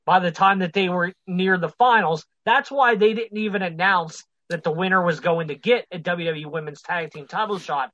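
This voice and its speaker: A man's voice: high-pitched, moderate pace, hardly any pauses, a bit bright, no echo, highs cut off. A man co-hosting a casual podcast about wrestling news, blunt and opinionated, swearing freely.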